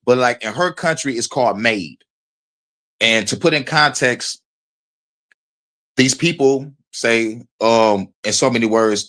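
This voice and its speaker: A man streams his reaction to a video, talking over it in a loose, rambling way. He swears constantly and works himself up as he goes. His voice sits at an everyday middle pitch. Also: takes it slowly, long pauses, a bit bright. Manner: profane, heated, rambling. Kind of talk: casual reaction commentary.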